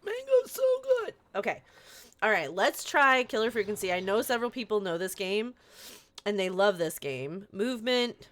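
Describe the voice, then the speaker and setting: Chatty woman streamer with a lively voice. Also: medium pitch, moderate pace. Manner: chatty, rambling, playful asides. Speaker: live streamer. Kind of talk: casual chat while playing a game on stream.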